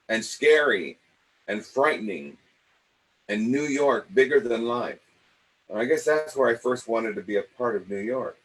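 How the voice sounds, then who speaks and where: An older man from Los Angeles, an acting coach, telling personal stories in a lively way and acting out the voices of the people in them. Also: mid-range voice, rough recording. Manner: animated, acts out the voices of people in his stories. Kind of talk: personal storytelling.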